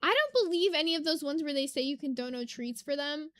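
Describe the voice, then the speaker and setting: Bright, excitable young woman streamer. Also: high voice, fast, no echo. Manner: excitable, squeals with delight, swears casually. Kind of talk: casual live-stream chat. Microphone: desk mic.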